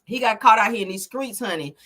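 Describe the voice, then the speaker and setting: A woman's voice: medium pitch, fast, a bit bright. A woman hosting a casual live stream, a little tipsy, chatting and swearing freely and calling her viewers honey and child. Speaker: host of a live gossip stream.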